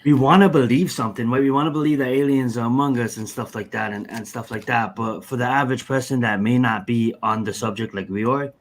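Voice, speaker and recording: A man's voice: mid-range voice, fast talker, few pauses. Rambling man in casual podcast chat. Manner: rambling, with many fillers and restarts. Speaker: podcast guest.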